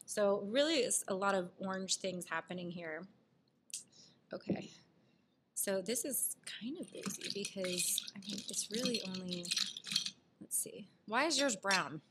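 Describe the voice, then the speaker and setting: A woman's voice: mid-range voice, a little slow, noisy background. A woman co-hosting a podcast, casually explaining what she does as she mixes a cocktail. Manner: explains while mixing a drink. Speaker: podcast co-host. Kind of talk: casual chat.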